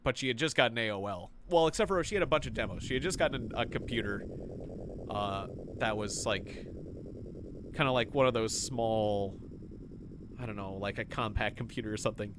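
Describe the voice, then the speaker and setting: A man casually commenting as he plays a video game, rambling through memories and reacting excitably. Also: fairly low pitch, fairly quick, noisy background. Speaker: gaming video host. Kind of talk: casual let's-play commentary.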